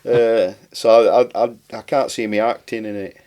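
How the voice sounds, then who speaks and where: A man's voice: on the low side, steady tone, moderate pace, dark tone. A man with a Barnsley accent, chatting as a podcast guest in a rambling way, with broad dialect and dropped words. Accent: Barnsley, South Yorkshire. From Barnsley, England. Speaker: podcast guest, writer and comedian. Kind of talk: casual interview chat.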